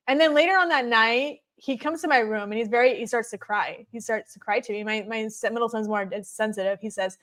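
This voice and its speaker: A woman in her thirties, a podcast guest, telling her story in an animated way and acting out her children's words. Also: on the high side, fast talker, hardly any pauses. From United States. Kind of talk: personal testimony in a podcast interview.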